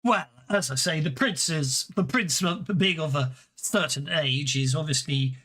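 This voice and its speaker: A man narrating as game master in a tabletop game, halting with many fillers. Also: fairly high pitch, bright, forceful tone.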